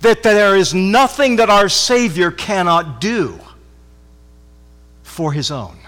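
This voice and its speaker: A high-pitched man preaching to his church congregation. He is fervent and repetitive, restarting words as he presses his points and dropping from loud declarations to near-hushed intensity. His voice rings with the long reverb of a large hall. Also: expressive, takes it slowly. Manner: fervent, repeats phrases, stammered restarts, swings from loud to hushed. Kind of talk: sermon.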